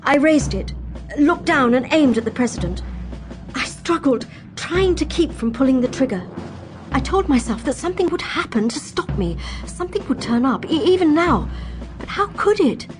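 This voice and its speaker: A woman narrating an audio drama in the first person as a frightened but defiant young female companion, telling it in an earnest, expressive way. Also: high voice, normal speed.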